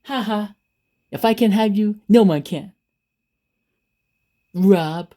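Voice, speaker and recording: A man's voice: high voice, animated, moderate pace, warm tone, voice pushed up. A man putting on the voice of a mocking, jealous ex-girlfriend in a home-made story. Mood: taunting. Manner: mocking, gloating. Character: taunting jealous ex-girlfriend, young woman.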